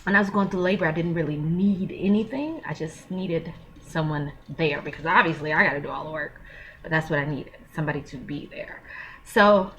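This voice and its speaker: An earnest woman talks straight to the camera in a casual advice vlog, slangy, frank and openly emotional. Her voice sits on the low side for a woman, and a faint hiss of room noise runs under it. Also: a little fast, fairly bright tone. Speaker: vlogger giving parenting advice.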